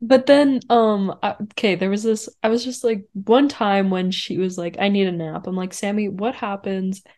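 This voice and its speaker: A young woman co-hosting a casual podcast, chatty and quick to laugh. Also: mid-range voice, fairly even intonation, a little mellow. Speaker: podcast co-host. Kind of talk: casual chat.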